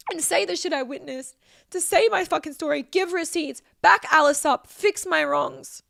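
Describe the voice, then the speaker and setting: A woman in her 20s delivers a heated, profane, emotional vlog rant directly to camera. Her high voice carries a gravelly fry and is a bit bright, she speaks at a moderate pace, and the sound is close and dry with no room echo.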